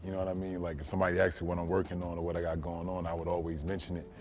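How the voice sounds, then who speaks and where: A man from New Jersey, a former NBA player, telling a story in casual, animated talk, often saying "you know what I'm saying". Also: low-pitched, very fast, faint music behind.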